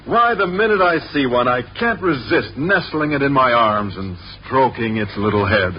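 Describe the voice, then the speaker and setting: A man's voice: mid-range voice, expressive, normal speed, muffled recording. A man playing a shy, earnest biology teacher in a 1950s radio sitcom. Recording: old radio broadcast with hiss.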